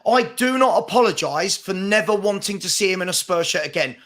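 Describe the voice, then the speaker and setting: A man hosting a heated football fan debate on a video call, forceful and repeating himself as he talks over others. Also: high-pitched, expressive, a little fast. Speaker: podcast host.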